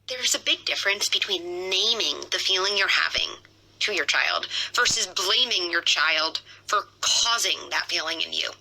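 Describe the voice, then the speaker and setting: A woman's voice: on the low side, lively intonation, measured pace, sharp tone, low-quality recording. A woman parenting expert giving firm, emphatic instructive advice in a short clip.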